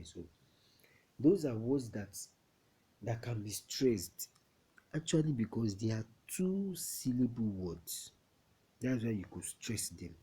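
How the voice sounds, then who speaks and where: A man from Nigeria teaching a classroom English lesson, slow and repetitive, often checking that students understand. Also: lowish voice, dark tone, a little hiss or hum.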